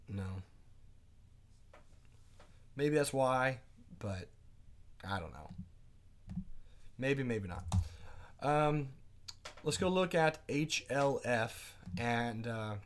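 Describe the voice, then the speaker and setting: Chatty male trading teacher. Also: mid-range voice. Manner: casual, chatty, reads out viewer comments; asks quick questions to the audience. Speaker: day trading instructor. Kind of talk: live-streamed trading class.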